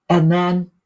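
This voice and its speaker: A middle-aged woman who coaches people on sleep, speaking calmly in a webinar and putting questions to her listeners. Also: on the low side. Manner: calm, teaching, asks the listeners questions. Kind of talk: webinar talk.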